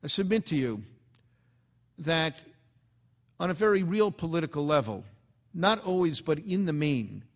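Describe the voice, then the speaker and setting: A man delivering a formal, impassioned speech, rising in emphasis on key words and dropping quietly at the ends of phrases. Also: on the high side, expressive, measured pace, long pauses. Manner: impassioned, oratorical cadence. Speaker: speaker.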